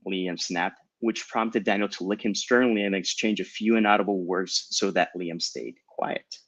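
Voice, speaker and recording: Low-voiced man reading his novel aloud. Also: fairly even intonation, moderate pace, hardly any pauses, a bit bright, no echo. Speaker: host and author. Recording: dull lo-fi mic, dry.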